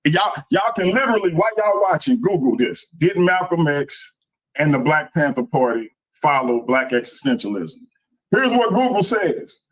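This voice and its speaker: Brief: debater, man, relaxed and confident, calls the audience y'all, a bit high. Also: moderate pace, low-quality recording. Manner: casual, addresses the audience as y'all.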